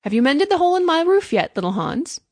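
A woman voicing a greedy, smooth-talking male miller in a storybook reading. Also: on the high side, lively intonation, a little fast, dry recording. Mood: cheerful. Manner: hearty, self-serving pronouncements.

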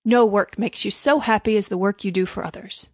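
A woman voicing a greedy, smooth-talking male miller in a storybook reading. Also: medium pitch, fairly even intonation, a little fast, darkish tone, no room sound, clean studio sound, natural voice. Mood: cheerful. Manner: hearty, self-serving pronouncements.

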